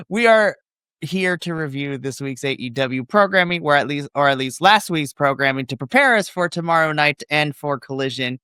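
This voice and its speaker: A man hosting a casual wrestling review podcast, playful and jokey with quick asides. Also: fairly high pitch, pushed and bright, clear, resonant tone, no echo, clean studio sound. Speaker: podcast host.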